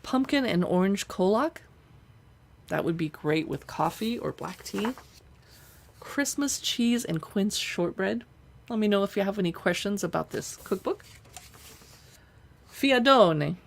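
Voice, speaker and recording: A woman live streaming as she pages through cookbooks, chatting casually and reading recipe lists aloud as she thinks out loud. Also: mid-range voice, lively intonation, a little slow, creaky. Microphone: streaming setup.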